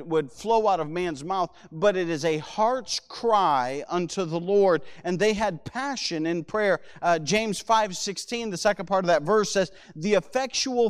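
A man with a high-pitched voice preaches a Sunday sermon. He reads scripture aloud in slow, stressed phrases and drives his points home with rising and falling emphasis. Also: big-room sound. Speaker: pastor.

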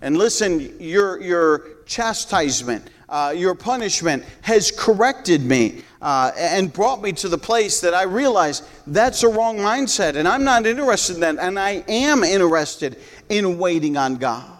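A man's voice: sits high, expressive, unhurried. A man preaching a sermon as pastor, earnest, often restarting his words and paraphrasing scripture in a conversational tone.

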